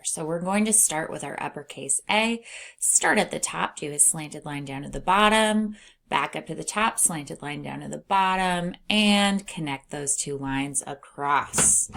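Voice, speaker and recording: A woman teaching a children's phonics lesson, modeling vowel sounds slowly and clearly and encouraging young learners to join in. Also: on the low side, fairly bright tone.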